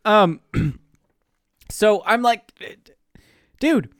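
A man's voice: on the high side, sing-song, measured pace, dry recording, studio quality. A young man from the Pacific Northwest, co-hosting a podcast, telling a story in a casual way, laughing often and swearing freely. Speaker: podcast co-host.

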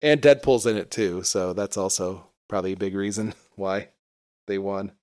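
A man's voice: sits low, fairly even intonation, moderate pace, a little mellow, no room sound, studio quality. Crude, joking man in casual chat. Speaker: comic review podcast co-host.

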